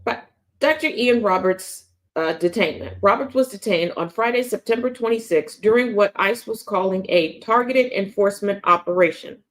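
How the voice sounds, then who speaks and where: A woman's voice: mid-range voice, moderate pace. A woman hosting a daily news commentary show, talking bluntly and sarcastically with plenty of profanity. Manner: taunting, confrontational. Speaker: host.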